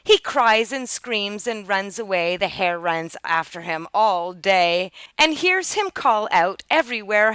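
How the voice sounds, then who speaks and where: A woman reads old rhyming children's tales aloud with a bright, crisp voice. She leaps up high and loud whenever a character cries out. The sound is close and dry, with no room around it. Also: measured pace, hardly any pauses, no room sound. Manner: lively storybook reading, jumping high and loud for quoted cries. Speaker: storyteller. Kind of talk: reading aloud a rhyming children's picture book.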